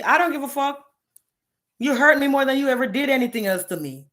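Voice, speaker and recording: A woman's voice: on the high side, lively intonation, quick pace, fairly bright tone. A woman, ranting bluntly and profanely on a live stream, challenging her viewers. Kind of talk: candid live-stream rant.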